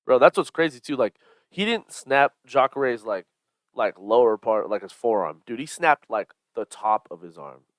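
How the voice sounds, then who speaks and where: A man co-hosting a fight podcast in casual chat, slangy and quick to laugh. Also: medium pitch, very animated, no room sound. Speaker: podcast co-host.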